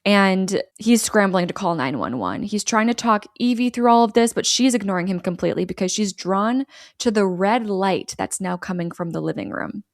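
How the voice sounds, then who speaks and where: A woman's voice: medium pitch, animated, normal speed, no room sound. Podcast host, woman, chatty recap voice, dry studio mic. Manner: acts out quoted lines, laughs often. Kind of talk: casual storytelling recap.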